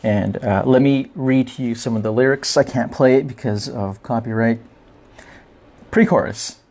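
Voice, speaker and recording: A man's voice: mid-range voice, unhurried, pauses often, darkish tone. A man hosting his podcast, talking through the topic in a casual, joking monologue with a wry tone. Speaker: podcast host.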